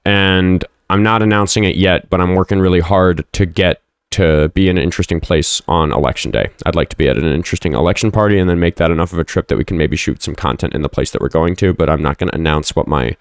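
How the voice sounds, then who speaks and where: Low-voiced profane livestream host. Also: male voice, quick pace, clean tone, dry recording, studio quality. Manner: profane, combative toward chat, rambling. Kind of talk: casual livestream chat.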